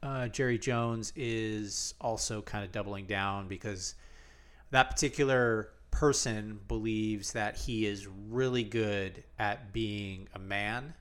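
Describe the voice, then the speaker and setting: A man co-hosting a sports podcast in a relaxed, rambling way, full of fillers and restarts. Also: lowish voice. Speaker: podcast co-host. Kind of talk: casual sports chat.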